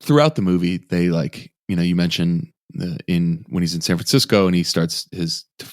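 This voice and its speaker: A male co-host with a very low, deep voice, chatting casually and often breaking off and restarting his sentences. He is recorded close and dry. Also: no echo. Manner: halting, self-interrupting talker. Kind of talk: casual podcast chat.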